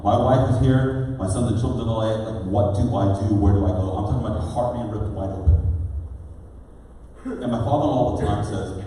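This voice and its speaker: A man's voice: mid-range voice, dark tone. Man, middle-aged, motivational seminar speaker, rhetorical questions to the crowd, distant mic, long hall reverb, faint room hum. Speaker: real estate seminar speaker. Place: large event hall. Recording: echoey hall recording from far off.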